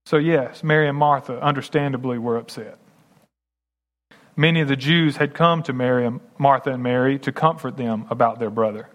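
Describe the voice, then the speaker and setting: A man's voice: medium pitch, moderate pace. A man preaching a sermon as a pastor, reading scripture and talking directly to his congregation in a conversational way.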